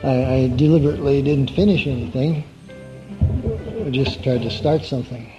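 A man's voice: medium pitch, steady tone, moderate pace, music in the background. A man preaching an evening sermon in a conversational, folksy way, often putting questions to his listeners. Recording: dull lo-fi recording.

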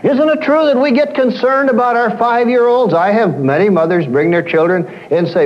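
In a muffled recording, a man with a very high voice talks at a moderate pace with few pauses. Addressing an audience as a counselor, he tells lively stories and performs the lines his clients have said.

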